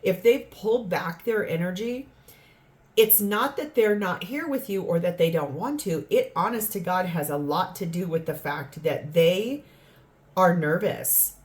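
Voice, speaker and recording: Woman reading tarot cards, talks in loose rambling runs, mid pitch, earnest. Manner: earnest, rambling, acts out quoted lines. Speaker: tarot reader.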